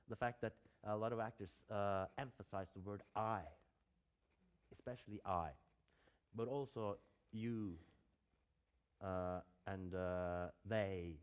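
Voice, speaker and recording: A man's voice: lowish voice, darkish tone. A man, an acting teacher giving a lecture, hesitant and full of fillers and restarts.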